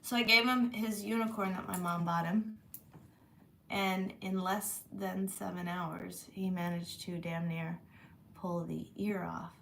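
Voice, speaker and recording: A woman's voice: on the low side, fairly even intonation, measured pace, gravelly, fairly bright tone, a little hiss or hum. A woman chatting casually to her viewers from her room, blunt and swearing freely, sore after a massage. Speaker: channel host.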